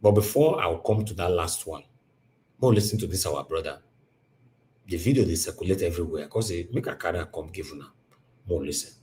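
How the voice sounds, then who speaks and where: A man's voice: low-pitched, brisk, darkish tone, a little hiss or hum. A Nigerian man hosting a livestream, talking in a rambling, emphatic way and mixing Pidgin into his English. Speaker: livestream host. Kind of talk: casual livestream commentary.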